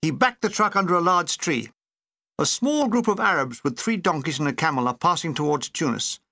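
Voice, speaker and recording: Brief: older male author-narrator, bright lively voice, dry comic timing, close dry recording. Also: fairly high pitch, a little fast, creaky, no room sound. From Britain. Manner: comic, dry, animated delivery. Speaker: author reading his own memoir. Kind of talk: audiobook narration with character voices.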